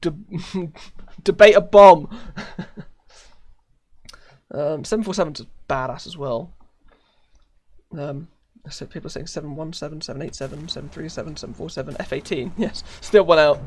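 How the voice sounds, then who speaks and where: A man's voice: fairly high pitch, moderate pace, long pauses. A man with a British accent chatting casually while live-streaming a game, rambling with many fillers and frequent laughs. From United Kingdom.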